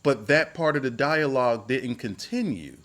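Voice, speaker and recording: A man's voice: mid-range voice, lively intonation, moderate pace, fairly bright tone. Guy ranting about wrestling booking, rambly, repeats himself, voice jumps up when he gets worked up. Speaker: wrestling commentary YouTuber. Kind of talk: casual opinion commentary.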